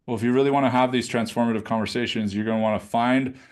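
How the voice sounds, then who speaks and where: A man coaching a live online class, talking conversationally and demonstrating how to ask questions in a low throaty voice. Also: steady tone, fast talker, smooth. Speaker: business coach. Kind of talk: live webinar teaching. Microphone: video call.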